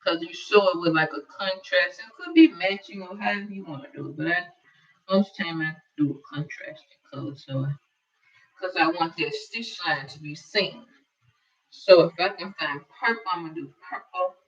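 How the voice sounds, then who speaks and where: A quilting instructor leads a casual sewing tutorial, chatting and thinking aloud as she works. Her voice sits on the low side, animated and at a moderate pace. The mic is distant, giving dull lo-fi sound.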